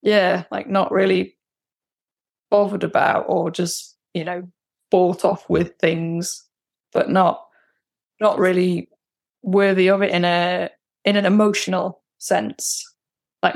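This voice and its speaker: Woman, 40s, therapy client, candid and venting, gravelly texture. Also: on the low side, little pitch movement, slow, long pauses. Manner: frank, venting frustration. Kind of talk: candid personal account.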